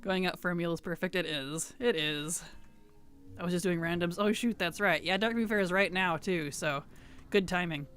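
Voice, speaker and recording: Woman game streamer, casual live chat, relaxed and rambling, faint music behind. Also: fairly low pitch, moderate pace, smooth. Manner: chatty, reads chat aloud and answers it; laid-back, rambling with fillers.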